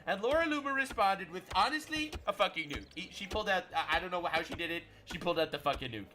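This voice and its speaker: A man's voice: sits high, lively intonation, fast, noisy background. A man hosting a livestream, giving brash, profane, sarcastic political commentary. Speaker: livestream host.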